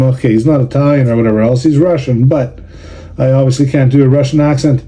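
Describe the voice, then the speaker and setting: A man's voice: mid-range voice, fairly even intonation, quick pace, warm tone. A middle-aged man, casually grumbling and sarcastic while opening trading cards for a vlog. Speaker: card collector and show organizer.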